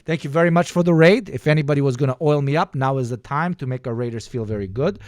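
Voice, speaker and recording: A man's voice: mid-range voice, quick pace, no room sound, studio quality. A man live-streaming and reacting to clips with sarcastic, profane jokes.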